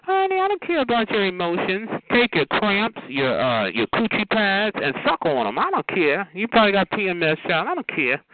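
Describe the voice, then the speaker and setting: A sassy man taunts someone over a noisy, tinny phone line. His pitch leaps from low to high and back, and his voice sits a little high for a man. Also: huge pitch swings, a little fast, hardly any pauses. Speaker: caller on a phone recording. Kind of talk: profane phone rant.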